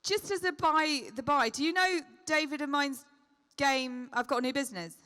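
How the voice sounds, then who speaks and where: A middle-aged woman answering fan questions at a convention, chatty and quick to call people darling while telling lively anecdotes. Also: high-pitched. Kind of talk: convention Q&A storytelling.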